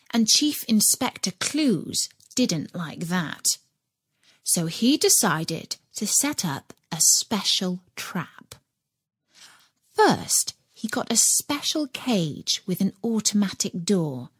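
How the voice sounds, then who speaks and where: Husky woman reading a children's story. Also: medium pitch, dry recording. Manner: expressive, storytelling. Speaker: narrator. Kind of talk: children's audiobook narration.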